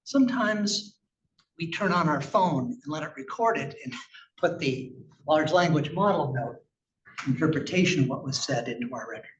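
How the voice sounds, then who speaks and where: A man's voice: fairly high pitch, lively intonation, normal speed. Emphatic male presenter in an echoey room. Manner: conversational, emphatic, asks rhetorical questions. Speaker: clinician presenting research. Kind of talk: conference presentation with slides. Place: conference room. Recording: echoey, distant, muffled room recording with faint noise.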